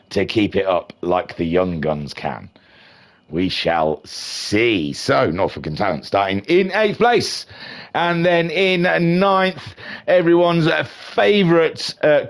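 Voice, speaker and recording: Male race caster, animated delivery, playful banter with the audience. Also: medium pitch. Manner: chatty, jokey and animated, with playful asides. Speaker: race commentator. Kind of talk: live sim-racing commentary.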